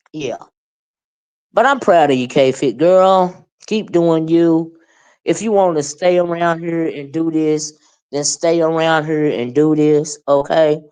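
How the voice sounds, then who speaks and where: A woman's voice: deep voice, darkish tone. A woman in her fifties talking casually into the camera, folksy and plain-spoken, with frequent asides like "you know what I mean". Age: 50s. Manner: folksy, Southern-flavored talk with lots of "you know what I mean" and "child"; sounds older than her age, called a surly old bird by herself. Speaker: vlogger addressing a fellow creator. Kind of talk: casual monologue.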